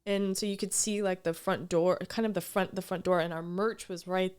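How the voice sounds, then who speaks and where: A woman's voice: lowish voice, steady tone, normal speed, a little mellow, clean tone. A woman co-hosting a podcast, telling a rambling story in casual chat, full of restarts. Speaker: podcast co-host.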